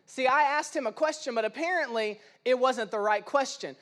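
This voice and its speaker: A young man with an unusually high voice for a man preaches in church. He tells stories with humor and energy, and he slips into the voices of the people he quotes. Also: moderate pace. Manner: animated, acts out quoted voices, self-deprecating humor. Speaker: pastor. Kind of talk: sermon with storytelling.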